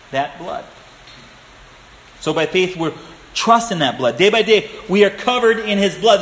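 A male pastor preaching a sermon, earnest and emphatic, slowing down to stress key phrases. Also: a little high, fairly bright tone, a little hiss or hum. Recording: echoey room with faint ambience.

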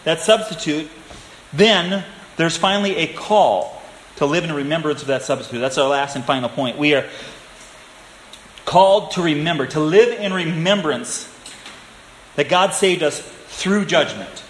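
A male pastor preaching a sermon, earnest and emphatic, slowing down to stress key phrases. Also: fairly high pitch, a little hiss or hum. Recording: echoey room with faint ambience.

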